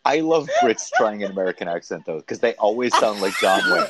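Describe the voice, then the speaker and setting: A man's voice: lowish voice, very animated, a little fast, heavy background noise. A man co-hosting a casual podcast chat, wry and teasing. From northeastern US. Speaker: podcast co-host.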